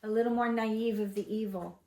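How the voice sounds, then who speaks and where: A woman's voice: fairly high pitch, fairly even intonation, a little fast, a little mellow. An older woman giving a chatty, emphatic Bible lesson to a small home congregation, asking them questions as she goes. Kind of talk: informal Bible teaching. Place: home gathering room. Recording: echoey room.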